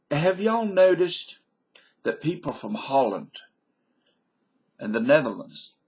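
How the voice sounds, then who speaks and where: A man's voice: mid-range voice, fairly bright tone, slightly rough. A man from British Columbia giving a folksy, digressive comic monologue into a webcam, with mock-learned asides. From British Columbia, Canada.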